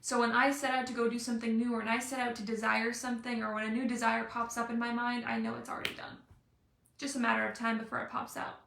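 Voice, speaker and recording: Bubbly, playful young woman coach talking live; high voice with some vocal fry, roomy sound. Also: flat delivery, quick pace, background noise. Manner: bubbly and playful, acts out little scenes. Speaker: life and business coach. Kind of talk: motivational live video talk.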